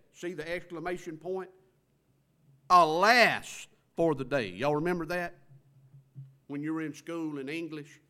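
Emphatic preacher man. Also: fairly high pitch. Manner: preaching with rising emphasis, rhetorical questions. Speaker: pastor. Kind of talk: sermon. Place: church sanctuary.

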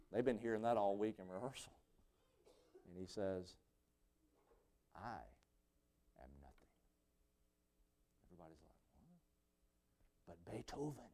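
A male preacher, giving a sermon full of stories. His voice drops low and then bursts out in shouts. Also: clear, resonant tone. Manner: storytelling, swings from hushed to shouting.

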